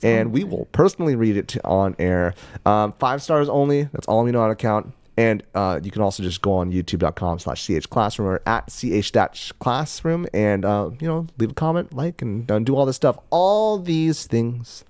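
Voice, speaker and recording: A man's voice: lowish voice, animated, moderate pace, hardly any pauses, darkish tone, clear, resonant tone, no room sound. A man co-hosting a podcast in casual chat, joking and playful. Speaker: podcast co-host.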